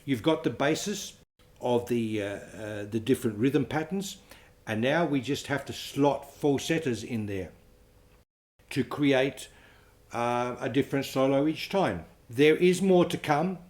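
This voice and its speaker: A man teaching a flamenco guitar lesson, counting beats aloud and explaining strokes in a relaxed, offhand way. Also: mid-range voice, measured pace.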